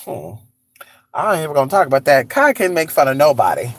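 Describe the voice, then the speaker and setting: A vlogger in a casual gossip chat outdoors in the cold, sassy and animated, calling listeners honey and girl. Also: mid-range voice, fast talker, slight background noise.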